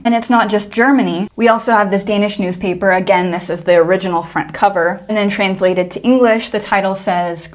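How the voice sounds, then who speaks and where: A woman's voice: medium pitch, brisk, few pauses. Woman doing a serious news commentary video, reads quotes out. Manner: earnest, reads quotes aloud. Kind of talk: scripted commentary.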